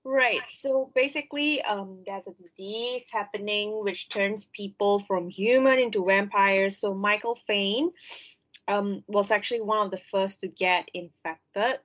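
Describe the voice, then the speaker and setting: A woman on a podcast recapping a TV series, halting with frequent ums. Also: mid-range voice, a bit bright, highs cut off. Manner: hesitant, many ums and restarts. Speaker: podcast co-host. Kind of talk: casual chat, recapping a show.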